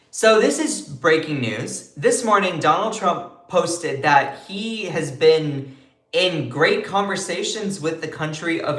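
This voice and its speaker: A woman's voice: on the low side, a bit bright, echoey room. A woman hosting a live-streamed news commentary show, chatty and opinionated, reacting to viewers as she talks. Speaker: host of a news commentary livestream.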